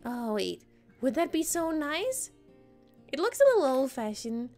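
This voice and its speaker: Giggly woman streamer, high lively voice, faint music under her. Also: measured pace. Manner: playful, giggly, answering chat. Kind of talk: casual live-stream chat while gaming.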